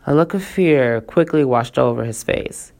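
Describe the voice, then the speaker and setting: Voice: mid-range voice, animated, moderate pace, a little mellow. A storyteller reading a first-person tale aloud and breaking off now and then for casual asides to listeners.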